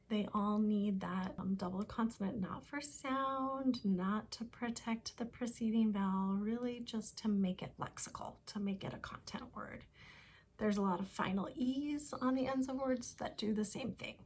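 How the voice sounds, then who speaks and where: A woman literacy interventionist explaining a spelling lesson in a patient, deliberate way, dropping to soft asides now and then. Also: medium pitch. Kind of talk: explanatory teaching talk.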